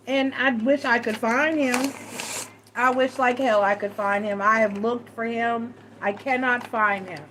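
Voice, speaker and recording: Woman, middle-aged, casual storytelling, animated, quoted voices, faint noise. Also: a little high, rough recording. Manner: animated, acts out quoted voices, frequent self-restarts. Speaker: tarot reader and live chat host. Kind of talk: casual storytelling to a live chat.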